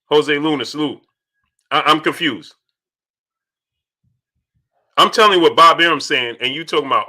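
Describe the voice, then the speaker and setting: A young man hosting a casual live stream, reading viewer chats aloud and answering them in an animated way that repeats itself. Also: fairly high pitch, normal speed, pauses often. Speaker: livestream host reading super chats. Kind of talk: casual livestream chat.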